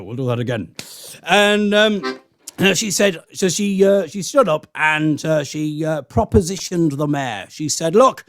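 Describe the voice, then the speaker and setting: High, gravelly man introducing a song. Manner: rambling and jokey, with many ums and uhs. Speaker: folk singer at a benefit gig. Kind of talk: chatty song introduction between numbers.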